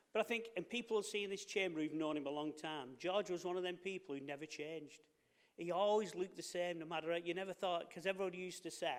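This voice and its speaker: A man giving a plain, conversational tribute in a council meeting. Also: fairly high pitch. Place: council chamber. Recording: echoey council chamber.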